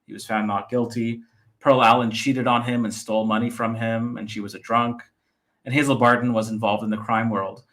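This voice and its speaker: Give me a man explaining his research in order, step by step, with a middle-pitched voice. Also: level tone, brisk, fairly bright tone. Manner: methodical, lists points by number. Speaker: author discussing his book. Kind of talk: podcast interview, explaining research.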